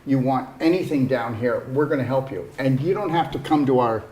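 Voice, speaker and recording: A man's voice: mid-range voice, a little fast, darkish tone. A man giving a casual, earnest motivational talk as a wellness retreat host, coaxing his listeners and often checking in with "okay?". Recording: echoey room.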